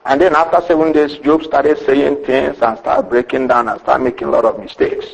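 A man's voice: medium pitch, fairly even intonation, a little fast, vocal fry, reverberant, poor audio. A man preaching a sermon with emphasis, rhetorical questions and a repeated refrain.

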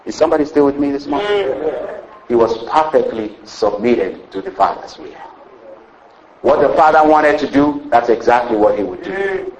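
A man's voice: medium pitch, sing-song, moderate pace, darkish tone, muffled recording. A man preaching a sermon with a rising and falling cadence, often saying "you know" between phrases.

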